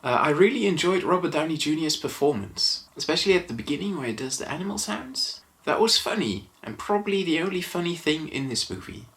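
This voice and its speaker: A man's voice: on the high side, sing-song, fairly quick, few pauses, fairly bright tone. A man whose first language is not English, giving a casual movie review monologue, hesitant with frequent ums and restarts and a dry, mildly wry delivery.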